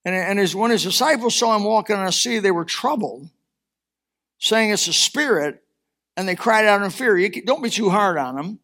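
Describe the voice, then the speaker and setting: Impassioned high-voiced preacher man. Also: expressive, moderate pace, fairly bright tone. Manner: impassioned preaching, rising and falling in force. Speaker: pastor. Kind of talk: sermon.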